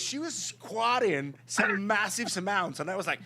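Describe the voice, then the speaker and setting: A middle-aged man with a foreign accent co-hosts a casual morning show. His voice is bright and sits a little high, and he tells his stories with excitable energy. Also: normal speed. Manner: excitable, laughs often, lively storytelling. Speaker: co-host.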